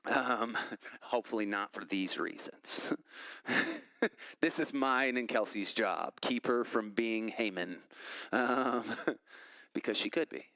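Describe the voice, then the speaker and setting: A man's voice: lowish voice, slow, pauses often, no room sound, rough recording. A male pastor giving a conversational sermon in church, telling stories and acting out quoted conversations. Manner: conversational, animated storytelling with quoted voices.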